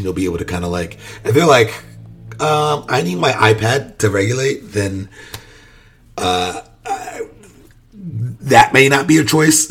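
A man with a gravelly, medium-pitched voice hosts a podcast as an early childhood educator. In a casual monologue he talks loosely about his work with young children, with lots of fillers and restarts.

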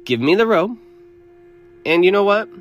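A man voicing a smug, mocking male cleric in red robes, with a drawn-out, theatrical delivery. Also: on the high side, big pitch swings, fairly bright tone, lo-fi sound, a little hiss or hum, pitched above the performer's own voice. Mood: demanding.

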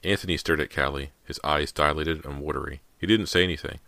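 A male audiobook narrator with an extremely deep yet bright, forward voice. He reads the story steadily, close and dry, with no room around him. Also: steady tone, quick pace, gravelly, no echo. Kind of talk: scripted narration.

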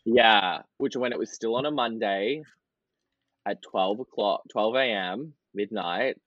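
A fairly low-pitched man talks through a podcast interview, loose and chatty, laughing often and scattering fillers. The sound is dry and a bit dull. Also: measured pace, a bit bright, dry recording. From Australia. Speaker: podcast guest, drag performer. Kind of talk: casual interview chat.

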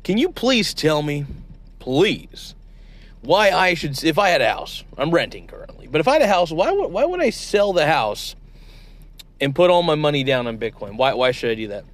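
A man's voice: on the high side, big pitch swings, moderate pace. A man hosting a comedy sketch interview, playing a mock-outraged, exasperated interviewer. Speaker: show host.

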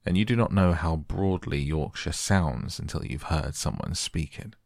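A man reads a storybook aloud to help listeners fall asleep, gentle and unhurried. His voice is deep with a gravelly edge. The recording is close and dry, with no room sound. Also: dry recording. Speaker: audiobook reader. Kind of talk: soft bedtime audiobook narration.

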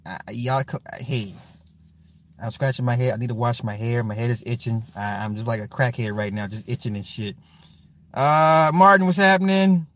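A man's voice: medium pitch, moderate pace, fairly bright tone, slight background noise. A man hosting a casual livestream, reading comments in a loose, profane way and often repeating apologies and fillers.

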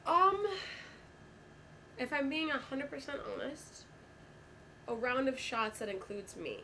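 A woman's voice: high voice, lively intonation, slow pace, sharp tone. Woman guest, bartender, candid and foul-mouthed, casual chat with faint hiss behind. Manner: candid, blunt and profane.

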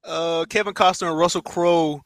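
Man, slightly high voice, bright, dry close sound, joking podcast co-host. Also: steady tone, moderate pace, no echo. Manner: joking, reads from his notes. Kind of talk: casual chat.

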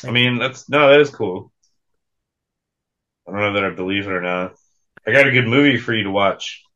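A man's voice: fairly low pitch, normal speed, bright, forceful tone, highs cut off. A young man co-hosting a casual podcast, laid-back, swearing freely and laughing often. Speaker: podcast co-host.

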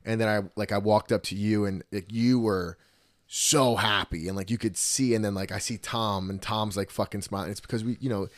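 A man's voice: fairly low pitch, steady tone, moderate pace, dry recording, studio quality. A man from New Jersey hosting a casual podcast chat, telling stories and swearing freely. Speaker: podcast host, gym owner.

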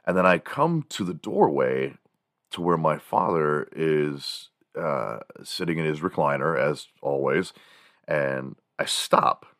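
Very deep-voiced man telling stories. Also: takes it slowly, no echo, studio quality. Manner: animated, mimics sounds and voices, chuckles while telling stories. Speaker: podcast host. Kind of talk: casual storytelling monologue.

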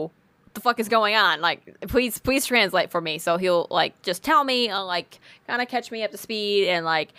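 A young woman tells a work story in casual conversation, animated, swearing freely and acting out what she said. Her mid-range voice is clear and resonant, with no echo.

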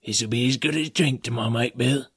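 A man reading an audiobook, voicing a sly, fawning middle-aged male pirate in a husky, wheedling way. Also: medium pitch, normal speed, no room sound, clean studio sound, close to an everyday voice. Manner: wheedling, half fawning, half sneering. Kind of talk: audiobook character voice.

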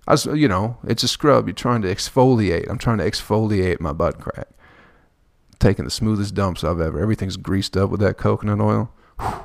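A podcast host rambles through a profane comedic monologue, laughing at his own jokes. His voice is lowish and gravelly and a little fast, recorded with clean studio sound and no echo.

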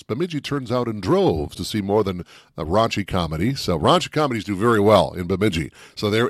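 A man's voice: lowish voice, no room sound, clean studio sound. A man co-hosting a podcast in casual chat, telling stories with playful energy. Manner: animated, playful storyteller. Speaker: podcast co-host.

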